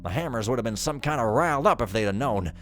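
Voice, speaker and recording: A plainspoken working-class sewer worker, as a man puts him on, talking in a folksy, ungrammatical drawl at a middling pitch. The read-aloud note comes over a faint bed of game music. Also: lively intonation, fast talker, close to an everyday voice. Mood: reassuring.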